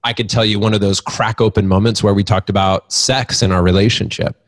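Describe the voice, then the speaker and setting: A man guesting on a podcast, talking about fatherhood in a reflective, meandering way. His voice is on the low side. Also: fairly even intonation, a little fast. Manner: reflective, rambling, lots of fillers. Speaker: podcast guest, men's community leader. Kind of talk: casual conversation.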